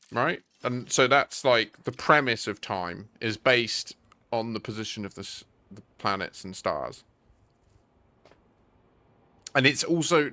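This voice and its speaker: A man's voice: mid-range voice, sharp tone. A man casually chatting and rambling playfully while playing a space game with friends. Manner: rambling, playful, sings snatches. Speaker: game streamer. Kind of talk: casual gameplay chat.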